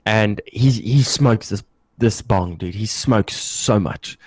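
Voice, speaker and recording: A young man co-hosting a podcast, telling stories in a casual, animated way and swearing freely. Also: on the low side, slow, dry recording. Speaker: podcast co-host. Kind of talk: casual storytelling.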